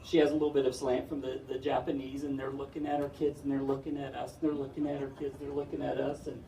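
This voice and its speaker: A man's voice: medium pitch, completely flat delivery, fast, dark tone, slight background noise. A middle-aged man performing stand-up comedy, chatty and self-deprecating, chuckling through his stories. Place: indoor event hall. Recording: echoey hall from far off.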